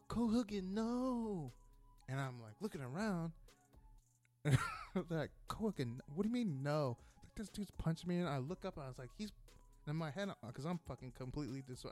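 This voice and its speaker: A man casually telling a story about a fight in a rambling, profane way, acting out the quoted lines. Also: medium pitch. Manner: profane, rambling, animated retelling with quoted dialogue.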